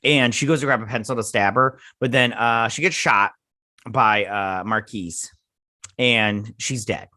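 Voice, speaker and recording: A man's voice: lowish voice, unhurried, pushed and bright. A man hosting a casual episode review, recapping scenes in a sarcastic, exasperated ramble full of fillers. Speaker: TV show reviewer and host.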